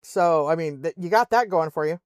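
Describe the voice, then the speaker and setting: A woman's voice: low voice, normal speed, dry recording, studio quality. An older woman telling stories in a casual chat while streaming a game, laughing often and acting out the voices of other people. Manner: chatty storyteller, laughs often, acts out voices. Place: home in Alaska.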